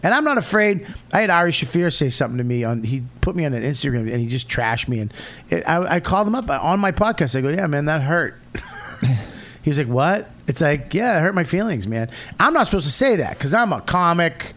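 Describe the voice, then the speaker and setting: A middle-aged man from Boston with a Boston accent, a comedian guest telling profane, animated stories in casual podcast chat. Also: fairly high pitch, quick pace. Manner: profane, animated storytelling with acted-out quotes.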